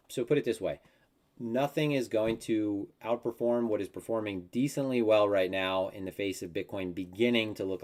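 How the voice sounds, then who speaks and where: A man with a lowish voice rambles easily through his crypto charts on a live analysis stream. He slips into offhand mock quotes and talks it out as he thinks. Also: darkish tone. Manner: rambling and conversational, with many fillers and mock quotes.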